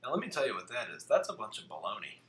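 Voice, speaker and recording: A man with a medium-pitched, very animated voice sounds bright and forceful. He hosts a casual tabletop card game podcast, briskly reading rules aloud and cracking jokes. The room is echoey, with faint background hiss.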